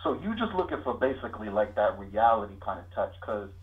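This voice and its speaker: Low-voiced male caller on a tinny phone line. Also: quick pace. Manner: relaxed, slangy. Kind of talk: casual phone call.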